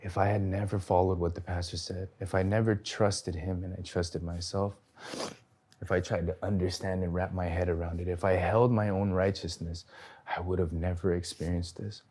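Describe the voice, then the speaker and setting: This is a man with a very low voice telling his own story. He talks earnestly and gives the people in his story their own lines. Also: level tone, moderate pace, mellow, husky. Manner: earnest storytelling, acting out dialogue. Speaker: testimony speaker. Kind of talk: personal testimony.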